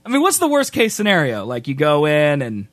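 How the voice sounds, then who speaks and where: A man's voice: a little fast, dry recording, faint music behind. A young man co-hosting a podcast, joking in casual chat and reading news aloud. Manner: animated, joking, swings pitch widely. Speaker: podcast co-host.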